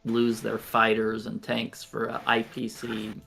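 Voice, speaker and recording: A man with a gravelly, crackling edge and a bright, forward tone talks through his own game turn, half to himself. He weighs each move aloud and trails off into mumbles now and then, with soft music playing behind him. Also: on the low side, completely flat delivery, unhurried. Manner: thinks aloud while planning moves, admits mumbling. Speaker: board game player. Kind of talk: casual live-stream game chat. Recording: livestream call audio.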